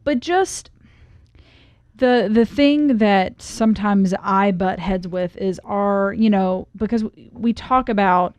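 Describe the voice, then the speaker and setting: A woman's voice: medium pitch, slow, darkish tone, no echo. A young woman co-hosting a podcast, talking things through thoughtfully and often starting her sentences over. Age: young adult. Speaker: podcast co-host. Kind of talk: casual podcast chat.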